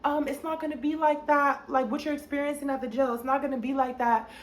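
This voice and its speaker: A woman doing a calm reassuring lawyer. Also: sits high, quick pace, a little hiss or hum, pitched above the performer's own voice, close to an everyday voice.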